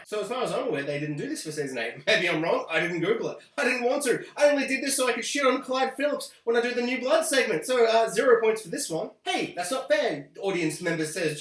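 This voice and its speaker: Brief: young man, sarcastic rant host, high voice, echoey room. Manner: sarcastic, animated, mocking quoted voices. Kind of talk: ranting video review.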